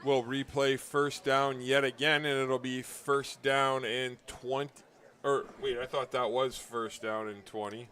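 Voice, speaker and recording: A man calls a local football game in a relaxed, chatty way. He laughs easily and picks up speed when a play breaks open. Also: mid-range voice, unhurried. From Northern Ontario. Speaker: color commentator. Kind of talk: live football commentary.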